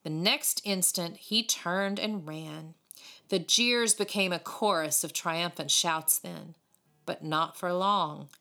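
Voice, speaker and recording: A woman reading a storybook aloud in an expressive, animated way. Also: on the low side, slow. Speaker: audiobook reader. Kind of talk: storybook narration.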